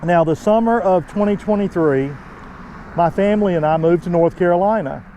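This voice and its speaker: Mellow East Texas man. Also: sits high, moderate pace, slight background noise. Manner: relaxed, rambling, conversational. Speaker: vlogger. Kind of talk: casual vlog talk.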